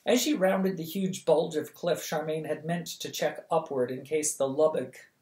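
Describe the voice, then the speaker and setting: A reader narrating a novel for bedtime at a steady, lively pace. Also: mid-range voice, normal speed. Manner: steady, lively, acts out the dialogue. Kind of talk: audiobook reading of a novel. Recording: echoey room.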